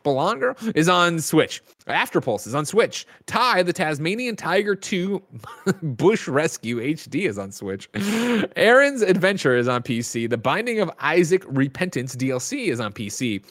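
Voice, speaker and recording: A man hosting a casual video game news show, rattling off release lists with quick asides. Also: a little high, sing-song, fairly bright tone. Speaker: host.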